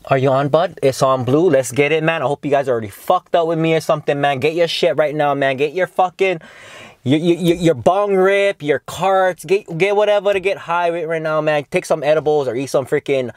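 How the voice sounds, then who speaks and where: A man's voice: on the high side, brisk, no room sound, clean studio sound. Slangy, swearing young man reviewing weed. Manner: laid-back slangy, swears a lot, calls viewers dog and bro. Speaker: cannabis reviewer. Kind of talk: casual vlog review.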